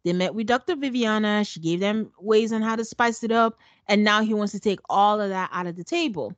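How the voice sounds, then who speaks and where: A woman's voice: medium pitch, brisk, dry recording, lo-fi sound. A woman co-hosting a casual recap chat, blunt and sarcastic as she retells what happened. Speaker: podcast co-host.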